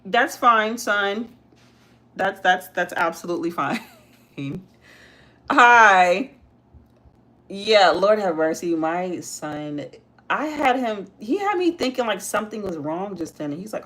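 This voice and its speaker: Bright-voiced woman chatting on a livestream. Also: lowish voice, lively intonation, a little slow, slight background noise. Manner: chatty, talks to viewers while doing makeup. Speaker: livestream host, mother. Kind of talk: casual livestream chat.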